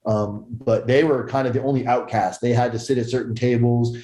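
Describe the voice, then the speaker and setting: A man's voice: medium pitch, flat delivery, brisk, mellow. A young adult man telling a story casually as a podcast guest, swearing often and acting out the voices of others. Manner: profane, acts out others' voices. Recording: roomy echo.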